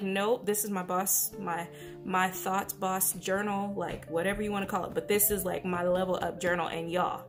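Gushing, hushed woman vlogger. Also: mid-range voice. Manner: gushing, excitable, trails off mid-sentence; keeps voice hushed, sometimes near a whisper. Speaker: planner vlogger. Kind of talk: casual unboxing chat. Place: at home beside a napping baby.

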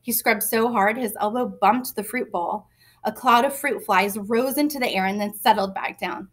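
A woman reading a children's novel aloud in a lively, expressive way. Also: mid-range voice, normal speed. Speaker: reader. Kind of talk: storybook narration.

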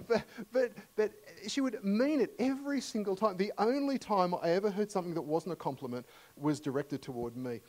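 A middle-aged Australian man preaching a sermon in a church, telling humorous stories warmly with many fillers and restarts. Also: sits high, rough recording. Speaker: guest preacher. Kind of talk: storytelling sermon.

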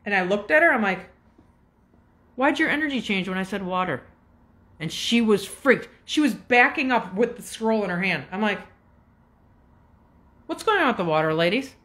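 A woman's voice: mid-range voice, animated, moderate pace, fairly bright tone. A woman in her fifties telling a long, agitated story straight to her viewers, swearing and jumping between asides. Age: 50s. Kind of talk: casual rant to camera.

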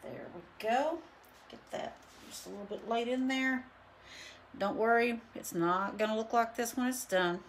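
A painting instructor and studio owner chats casually during a live painting demo, rambling with plenty of fillers. Her voice is fairly high and a little slow, with some hiss or hum and a roomy echo on the recording.

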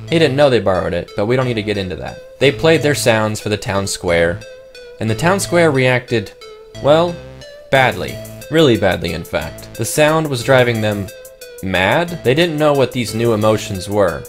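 A man narrating a comic game story with wry, joking asides. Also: lowish voice.

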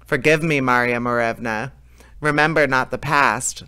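A man's voice: mid-range voice, normal speed, sharp tone, clean tone, lightly acted. A man voicing an earnest young prince searching for his wife.

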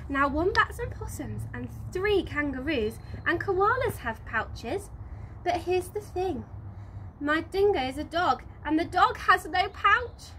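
A woman teacher reading a picture book aloud outdoors, bouncy and expressive with the rhymes. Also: very high-pitched, slow, slight background noise, low-quality recording. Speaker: infant school teacher. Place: outdoors in the sunshine.

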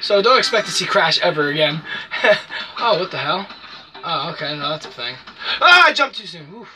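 Lively, cursing let's play gamer. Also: medium pitch, moderate pace. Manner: profane, yelps and shouts at game mishaps. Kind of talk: casual gameplay commentary. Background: game music.

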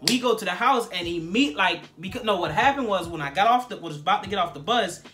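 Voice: medium pitch, animated, fast talker, music in the background. A guest on a vlog telling a story casually and animatedly, acting out quotes with lots of filler words.

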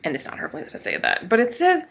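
Bright-sounding woman ranting sarcastically about a book, lots of likes and ums. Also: fairly high pitch, huge pitch swings, fast talker, vocal fry, slightly rough. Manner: sarcastic, exasperated ranting with frequent fillers. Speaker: book vlogger. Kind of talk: casual reading vlog.

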